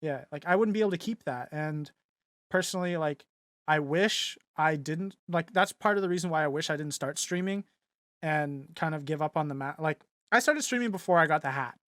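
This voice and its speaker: A man's voice: on the high side, fairly quick, a bit bright, dry recording, studio quality. A young man co-hosting a podcast and chatting casually, rambling with lots of fillers. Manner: rambling, filler-heavy, laughs easily. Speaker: podcast co-host and streamer. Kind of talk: casual chat.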